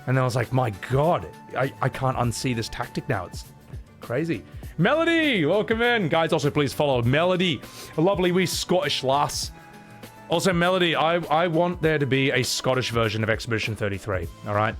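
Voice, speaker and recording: A man's voice: on the high side, big pitch swings, fairly quick, fairly bright tone, faint music behind. A man in his thirties chatting casually and animatedly on a live game stream, laughing often. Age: 30s.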